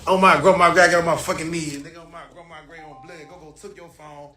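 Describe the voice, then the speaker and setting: A man telling a story in a loud, animated rant full of cursing. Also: fairly high pitch, rapid-fire. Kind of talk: profane rant. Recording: echoey room, distant mic, faint noise.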